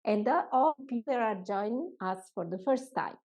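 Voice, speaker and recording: A woman with an Italian accent, hosting a live online cooking class from her home kitchen in a chatty way, often pausing to find her English words. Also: on the high side, lively intonation, vocal fry, darkish tone, highs cut off. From Italy. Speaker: cooking teacher and host.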